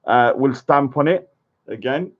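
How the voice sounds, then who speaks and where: A man's voice: mid-range voice, a little slow. Rambling man vlogging with dull sound. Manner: rambling, animated, muttering asides. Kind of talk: casual commentary to camera.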